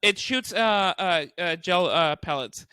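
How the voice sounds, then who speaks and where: Bright, high-voiced comedian telling stories. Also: male voice, measured pace, smooth, no room sound. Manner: animated, acts out quotes, swears often, laughs while telling. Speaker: podcast co-host. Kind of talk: casual storytelling chat.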